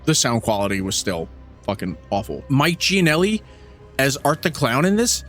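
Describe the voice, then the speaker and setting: Animated, cursing man podcast co-host. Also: medium pitch, normal speed, soft background music. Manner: animated, profane, mimics film characters mid-rant. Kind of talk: casual podcast chat.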